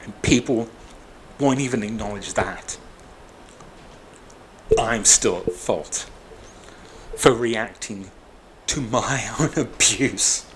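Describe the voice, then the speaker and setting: Angry, hurt man venting, low voice. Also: takes it slowly, long pauses, noisy background. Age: 40s. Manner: bitter, angry and raw, swearing. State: upset and exhausted. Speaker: vlogger. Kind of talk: emotional personal monologue.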